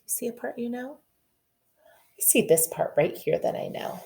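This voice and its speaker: A woman teacher giving a phonics lesson for young children, patiently sounding out letters and word parts slowly and clearly, coaxing her young learners with questions. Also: a little high, animated, dark tone.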